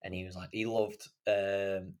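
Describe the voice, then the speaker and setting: A man from Wigan, a podcast host telling stories in a relaxed, casual way with lots of fillers. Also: low-pitched, measured pace, clean tone. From England, Wigan. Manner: relaxed storytelling with frequent fillers. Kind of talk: casual chat.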